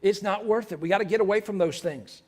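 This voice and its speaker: A man preaching a sermon in church, repeating lines for emphasis and breaking into loud shouts. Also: high-pitched, quick pace. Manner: preaching with sudden shouted outbursts; repetitive, emphatic delivery. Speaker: pastor. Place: church sanctuary.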